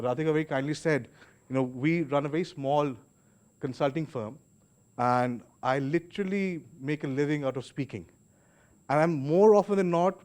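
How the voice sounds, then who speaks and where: A man with an Indian English accent hosting and moderating a book launch, talking casually with frequent fillers and restarts. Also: on the high side. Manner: chatty, warm-up remarks with many restarts and fillers. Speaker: host and moderator. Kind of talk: casual public speaking at an event. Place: event hall.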